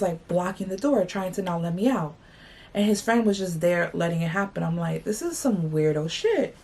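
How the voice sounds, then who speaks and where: A young woman from New York, talking casually as she tells a story and repeats 'like' and 'blah blah'. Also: mid-range voice. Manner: animated, slangy retelling full of 'like' and 'blah blah'. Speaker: vlogger.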